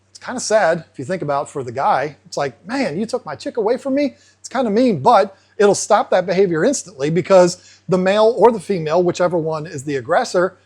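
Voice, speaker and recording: A man hosting an aquarium channel, explaining casually and acting out fish in playful asides. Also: high-pitched. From United States. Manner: animated, acts out fish voices in asides.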